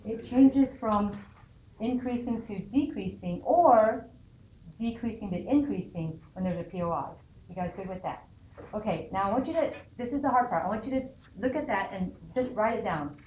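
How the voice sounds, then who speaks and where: A woman's voice: medium pitch, moderate pace. A woman math teacher lecturing a class and checking in often with "okay?". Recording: dull lo-fi sound in an echoey classroom with faint noise.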